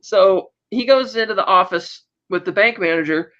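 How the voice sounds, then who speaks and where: The recording is muffled as a woman of medium pitch, speaking at normal speed with a fairly bright tone, co-hosts a podcast. Her TV episode recap is loose and rambling, thick with fillers and quotes.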